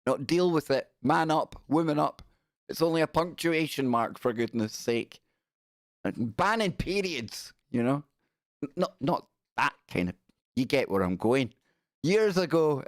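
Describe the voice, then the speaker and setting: A man's voice: mid-range voice, dry recording, studio quality. Sarcastic middle-aged man ranting. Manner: sarcastic, exasperated, mocking. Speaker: live stream host. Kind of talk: ranting news commentary.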